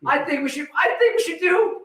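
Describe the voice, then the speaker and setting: A man's voice: very high voice, lively intonation, a little fast, sharp tone. A man co-hosting a livestream and running giveaways, rambling in an upbeat way with lots of fillers. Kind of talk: livestream chat. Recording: echoey room.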